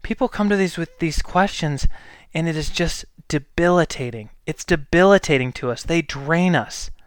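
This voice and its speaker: A man's voice: a little high, moderate pace, dry recording, studio quality. A healthcare provider, a man, speaking in a blunt, exasperated and emphatic monologue. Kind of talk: opinion monologue.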